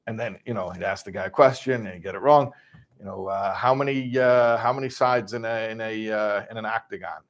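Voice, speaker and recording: A man from Chicago casually retelling a story, animated and full of restarts, acting out voices. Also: mid-range voice, fairly quick. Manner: animated, acts out voices, many restarts and asides.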